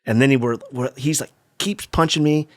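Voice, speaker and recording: A man's voice: medium pitch, moderate pace. A middle-aged man from California, a skate video filmer, telling a story casually in a podcast interview, profane and acting out the voices of the people he quotes.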